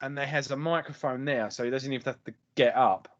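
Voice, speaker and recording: A man's voice: mid-range voice, fairly even intonation, fast talker, dry recording, highs cut off. A man co-hosting a casual podcast chat, telling stories animatedly and swearing freely. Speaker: podcast co-host.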